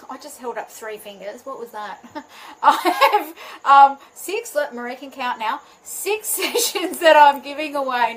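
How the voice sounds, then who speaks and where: A bubbly woman who works as a healing mentor, talking live to her viewers. Her voice sits a bit high, and she laughs at her own slips. A faint hiss runs under her speech. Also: a bit bright, poor audio. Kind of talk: live video chat to viewers.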